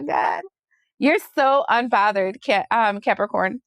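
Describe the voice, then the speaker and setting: A woman giving a casual tarot reading, sassy and chatty, acting out other people's voices with big jumps in pitch. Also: sing-song, unhurried, no echo. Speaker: tarot reader.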